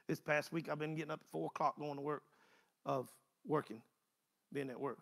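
Gravelly high-voiced preacher man. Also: fairly even intonation, brisk, fairly bright tone. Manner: folksy, repeats phrases in driving bursts. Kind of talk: conversational sermon.

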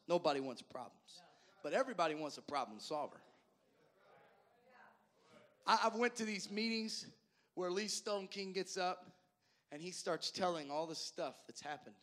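A male pastor telling folksy stories in a sermon, addressing the congregation directly and repeating words as he goes from loud to soft. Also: a little high, animated, normal speed, pauses often. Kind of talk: sermon storytelling.

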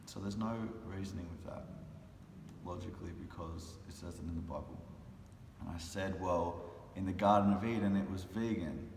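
Speaking at normal speed in a deep, slightly mellow voice with fairly even intonation, this vlogger and animal rights speaker sounds worn out and frustrated. His casual monologue comes in heated, impassioned bursts, recorded with roomy echo, long reverb and a little background noise.

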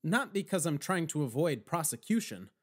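A man's voice: a little high, big pitch swings, moderate pace. A man narrating a first-person audiobook with wry, dry storytelling.

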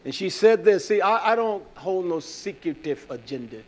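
A man preaching a sermon in a fiery, scolding style that drops to a quiet, storytelling voice. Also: sits high, animated, moderate pace.

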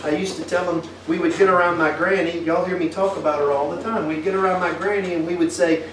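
A man's voice: sits high, steady tone, fast, few pauses, fairly bright tone, slight background noise. A man preaching a folksy sermon, tossing questions back at his congregation. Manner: asks the congregation many tag questions. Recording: echoey room picked up from a distance.

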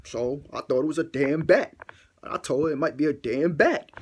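A man telling a funny story in a casual storytime vlog, excitable and swearing, repeating himself for effect. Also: a little high, normal speed, breathy edge. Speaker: vlogger.

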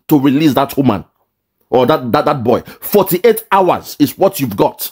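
A man's voice: medium pitch, very animated, a little slow, darkish tone, breathy edge. A man giving angry, emphatic commentary on a clip, stumbling and repeating words as he stresses his points.

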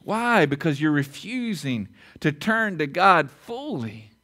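A man preaching a sermon in a church, his voice pitched high and bright. He hammers points home by repeating them, swinging from forceful emphasis down to quiet intensity. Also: very animated, slow pace. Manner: emphatic preaching with repeated lines and sharp drops in volume. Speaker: pastor. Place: church auditorium.

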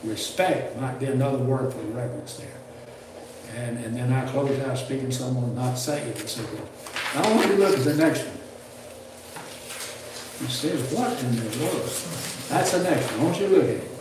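Older preacher, folksy and roomy. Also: male voice, mid-range voice, moderate pace, background noise. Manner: folksy, rambling, with restarts and chuckles. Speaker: preacher teaching a preaching class. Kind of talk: folksy classroom sermon. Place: church classroom. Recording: roomy, distant mic with faint ambience.

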